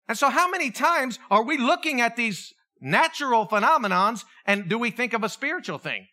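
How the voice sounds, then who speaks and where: A man's voice: extremely high pitch, a little fast. A middle-aged male pastor preaching a sermon, telling stories with animation and acting out the voices of the people in them. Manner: animated storytelling, acts out voices.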